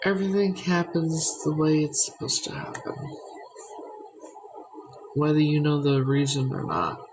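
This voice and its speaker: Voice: mid-range voice, measured pace, pauses often, background noise. A vlogger talking frankly and reflectively at home, swearing freely about their past. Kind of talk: candid personal vlog talk. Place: at home indoors.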